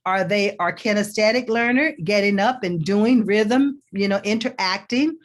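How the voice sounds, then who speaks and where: A woman's voice: medium pitch, moderate pace. Woman guest explaining step by step. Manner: explains step by step, acts out example questions. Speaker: guest, career coach. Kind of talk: conversational teaching.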